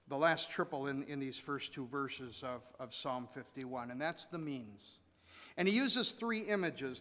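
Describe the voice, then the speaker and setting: A man preaching a sermon as pastor, conversational, with repetitions and sudden loud emphasis. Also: on the high side, slight background noise. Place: church sanctuary. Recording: long church reverb.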